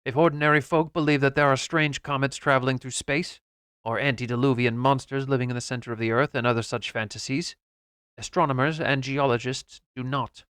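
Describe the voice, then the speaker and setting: A man reading an audiobook voices a blunt, skeptical harpooner who talks emphatically and a little louder. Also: mid-range voice, steady tone, fairly quick, clear, resonant tone, no room sound, studio quality, close to an everyday voice. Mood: stubborn.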